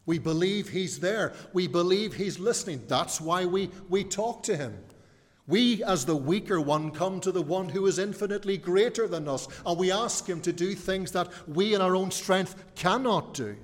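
A man's voice: high-pitched, moderate pace. Guy preaching a sermon, asks lots of questions, long echo like a big church hall. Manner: rhetorical questions, varied emphasis.

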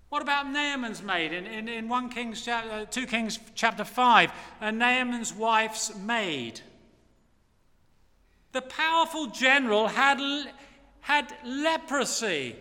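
A man's voice: very high-pitched, animated, slow, bright, forceful tone. An older man preaching an emphatic, impassioned sermon from the front of a church. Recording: long hall reverb.

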